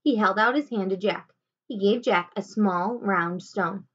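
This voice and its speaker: A woman teacher reading a children's chapter book aloud at home, with expressive delivery. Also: medium pitch, measured pace, muffled recording. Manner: expressive, animated. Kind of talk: storybook read-aloud.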